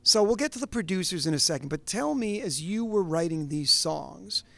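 A middle-aged man interviewing a musical duo, asking rambling, animated questions full of asides. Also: high-pitched, normal speed, vocal fry. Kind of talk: conversational interview.

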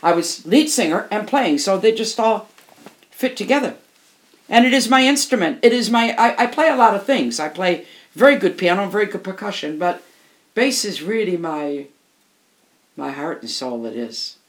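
A woman's voice: mid-range voice, moderate pace. Emphatic older woman telling stories. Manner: emphatic, animated storyteller who repeats phrases for emphasis. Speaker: interview guest, musician. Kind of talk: candid storytelling interview.

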